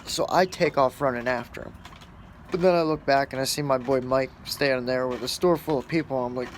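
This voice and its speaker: A man's voice: mid-range voice, brisk, slight background noise. A man who works as a store shift supervisor, telling a story in a casual, blunt and profane way, rambling with fillers.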